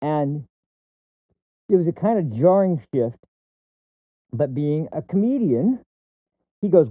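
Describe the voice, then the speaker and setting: A man rants in casual commentary, scornful and swearing at what he just watched. His voice sits a touch high for a man and comes through a narrow, phone-like channel. The sound is dry and close, with no room around it. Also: big pitch swings, takes it slowly, pauses often, no room sound. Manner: mocking, profane, scornful. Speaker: streamer commenting on a clip.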